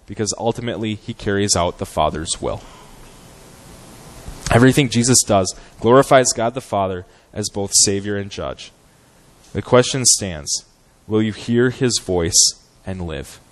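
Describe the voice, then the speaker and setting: A man preaching an earnest, measured sermon as a guest preacher in a church, with frequent "um" fillers. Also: lowish voice, animated, poor audio. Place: church sanctuary.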